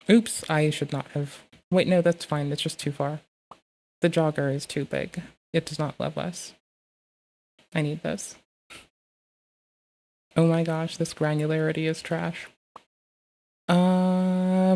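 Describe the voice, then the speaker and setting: A woman streaming live, chatting casually and swearing while she fiddles with her software and reads messages aloud. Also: low voice, steady tone, slow, pauses often.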